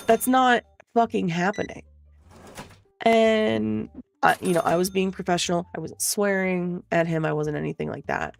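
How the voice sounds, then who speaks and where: A woman's voice: lowish voice, steady tone, moderate pace, vocal fry. A young woman streamer telling a rambling, swear-laden story in a casual way, full of fillers. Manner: profane, rambling, filler-heavy.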